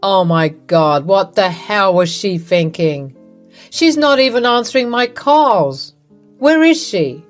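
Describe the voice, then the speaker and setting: A woman's voice: medium pitch, animated, takes it slowly, soft background music. A woman voicing a worried, earnest husband in a narrated story. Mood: shocked. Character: worried husband, man, apologetic.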